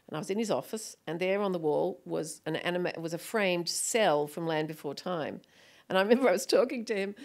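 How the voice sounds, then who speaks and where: A middle-aged woman, a film director, telling lively anecdotes on stage and often acting out other people's voices with laughter. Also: on the low side, gravelly. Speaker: guest author and film director. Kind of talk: stage conversation, anecdotal storytelling.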